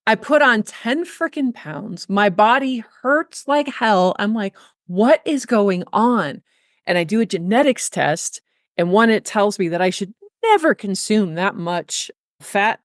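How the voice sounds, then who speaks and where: A woman's voice: medium pitch, expressive, a little slow, dry recording, studio quality. A woman guest on a podcast interview, a nutrition coach talking in a blunt, emphatic way with casual swearing.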